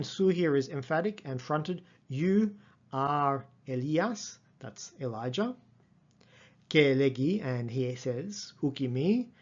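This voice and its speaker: A man lecturing on a text, reading passages slowly and carefully and explaining them as he goes. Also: on the high side, a little mellow, lo-fi sound. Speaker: Greek lecturer.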